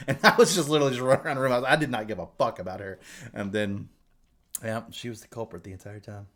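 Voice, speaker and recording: A man's voice: medium pitch, fast talker. A man in the middle of his range, talking in loose, casual podcast chat. He swears freely, leans on fillers like "like" and "you know", and gets worked up as he retells a story. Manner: excited, profane storytelling with lots of fillers. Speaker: podcast co-host.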